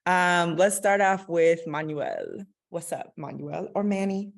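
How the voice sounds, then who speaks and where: Woman hosting a panel call, deep-ish voice, laid back and chatty. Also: slow pace, gravelly. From Bay Area, US. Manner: relaxed, friendly moderating with fillers. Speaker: host, moderator.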